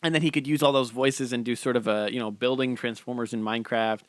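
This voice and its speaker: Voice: mid-range voice, fairly even intonation, fast, no room sound. A podcast co-host in casual chat, joking and rambling with lots of fillers.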